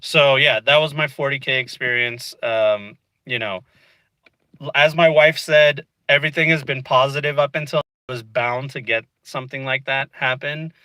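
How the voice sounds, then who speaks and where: A man's voice: medium pitch, fairly even intonation, moderate pace, bright, forceful tone, dry recording, poor audio. A man vlogging from inside a car, casually telling a frustrating story and peppering it with "dude" and "you know what I mean.".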